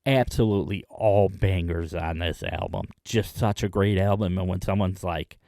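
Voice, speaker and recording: A man hosting his own video, chatting enthusiastically in a casual rundown with frequent pauses. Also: sits low, dark tone, dry recording. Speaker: music video host.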